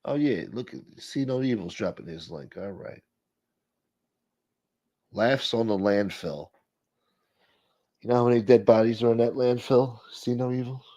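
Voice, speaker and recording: A man's voice: measured pace, long pauses, mellow. A man hosting a casual livestream, muttering back to the comments his viewers type. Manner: mutters low, talks back to chat. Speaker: livestream host reading chat. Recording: dull lo-fi stream audio.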